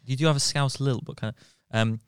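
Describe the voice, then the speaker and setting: A man's voice: mid-range voice, fairly even intonation, a little fast, slight background noise. A man co-hosting a podcast in casual chat, rambling and interrupting himself. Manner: rambling, self-interrupting, giggly. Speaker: podcast co-host. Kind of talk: casual chat, doing accent impressions.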